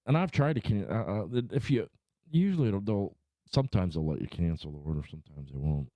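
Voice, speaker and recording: A man's voice: sits low, animated, fairly quick, warm tone, no echo. A middle-aged man hosting a livestream, chatting and ranting casually to his viewers with lots of swearing. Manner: profane, rambling, worked-up ranting. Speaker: livestream host. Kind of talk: casual rant and chat to viewers. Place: home room.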